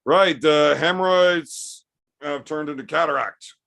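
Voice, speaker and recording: Gravelly, profane streamer host, tipsy. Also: male voice, fairly high pitch, a little slow, fairly bright tone. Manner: profane, rambling storyteller. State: drinking, tipsy. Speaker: livestream host reading chat. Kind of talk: casual storytelling chat.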